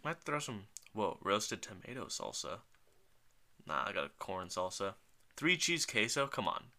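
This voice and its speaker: A man's voice: on the low side, sing-song, unhurried, gravelly, pushed and bright. A young man co-hosting a podcast in casual chat, joking and thinking aloud as he orders food. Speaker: podcast co-host.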